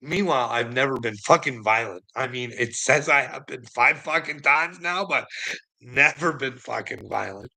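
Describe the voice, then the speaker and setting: A man tells a long, rambling personal story, laughing as he goes and swearing constantly. His voice is gravelly with plenty of fry. It also has a bright, forward edge to it. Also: medium pitch, moderate pace, low-quality recording. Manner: profane, rambling, laughs often. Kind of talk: casual storytelling monologue.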